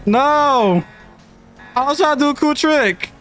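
A man's voice: very high-pitched, expressive, unhurried, fairly bright tone, faint music behind. A man chatting crudely and joking while racing in a game with friends, putting on mock voices now and then. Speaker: gaming streamer. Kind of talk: casual gaming banter.

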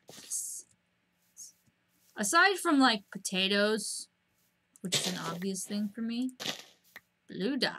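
A woman with a bright, fairly high voice chats idly through a gameplay stream from her home computer. She rambles, talks to herself and lets out squeaky bursts of excitement now and then. A faint hiss sits behind her voice. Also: slow, pauses often. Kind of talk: casual gameplay chatter.

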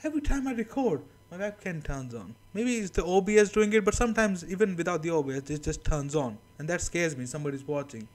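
A man's voice: on the high side, animated, fast, few pauses. A man from India hosting a reaction video, chatting casually, laughing often and swearing, into a camera-mounted mic. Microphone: camera-mounted shotgun mic.

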